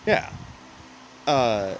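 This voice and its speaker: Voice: medium pitch, sing-song, extremely slow, a little hiss or hum, rough recording. A podcast co-host in casual chat who rambles, restarts often, and drops sarcastic asides.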